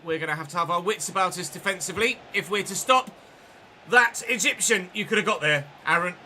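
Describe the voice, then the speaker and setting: Calling the action of a football game on his live stream, this gaming streamer speaks in a sharp voice that sits high. He drops chatty asides to viewers between plays, and there's a bit of hiss or hum in the audio.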